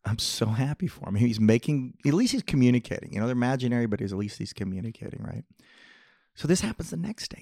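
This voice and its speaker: A man's voice: mid-range voice, sing-song, fast, vocal fry, a little mellow, no room sound, clean studio sound. A middle-aged man hosting a podcast, telling long rambling jokey stories in casual chat. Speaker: podcast host. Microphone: podcast mic, close.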